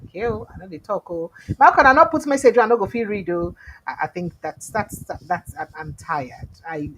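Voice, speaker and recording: A woman's voice: low voice, background noise. A woman with a Nigerian accent hosting a live call-in show, chatting casually, reading out viewer comments and slipping into pidgin. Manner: chatty, reads viewer comments aloud, laughs, switches into pidgin.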